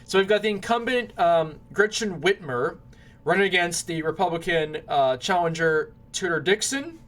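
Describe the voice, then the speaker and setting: A man's voice: high voice, expressive, normal speed, fairly bright tone. A man giving casual political predictions, rambling, often restarting and apologizing when he stumbles over names. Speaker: political commentator.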